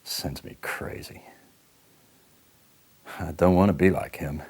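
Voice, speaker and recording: A man in his late forties playing an angry recovering addict in a counselling role-play, lurching between outbursts and low, ashamed muttering. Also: normal speed, a little mellow, slightly rough, full character voice. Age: late 40s. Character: angry recovering male addict near fifty, volatile and ashamed.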